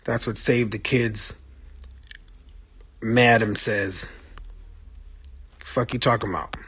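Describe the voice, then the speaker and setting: A man's voice: on the low side, steady tone, slow pace, long pauses, fairly bright tone, slight background noise. A man talking on a phone livestream, blunt and profane, speaking with passion and answering viewer comments as they come in. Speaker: musician streaming live to fans. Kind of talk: casual livestream monologue.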